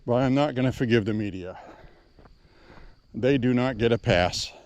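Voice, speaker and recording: A man's voice: medium pitch, moderate pace, a little mellow. A man talking to his phone camera while walking outdoors, speaking bluntly and with emotion, sometimes swearing. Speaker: vlogger. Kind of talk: walking vlog monologue.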